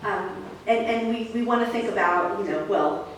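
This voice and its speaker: A woman's voice: on the high side, steady tone, normal speed, slight background noise. Conversational woman pastor in an echoey church. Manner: conversational storytelling with fillers. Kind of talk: sermon. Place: church sanctuary. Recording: echoey church hall from far off.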